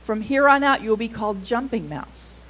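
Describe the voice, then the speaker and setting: A woman's voice: fairly high pitch, a little fast, fairly bright tone. A woman voicing a wise male frog who mentors a young mouse, speaking in an encouraging, solemn way.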